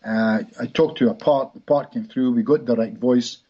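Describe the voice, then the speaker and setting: Husky man telling stories. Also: mid-range voice, moderate pace, mellow. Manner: rambling anecdotal, frequent restarts. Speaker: hypnotist guest. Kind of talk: storytelling in a podcast interview. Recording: dull lo-fi recording.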